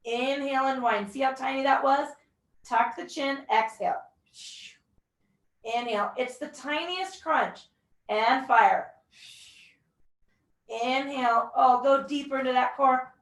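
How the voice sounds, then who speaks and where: A woman's voice: high voice, a little slow, long pauses. A young woman leading a mat pilates class, giving breath counts and encouraging cues with the odd whoop. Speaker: pilates instructor. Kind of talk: guided workout instruction. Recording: echoey room, voice from a distance.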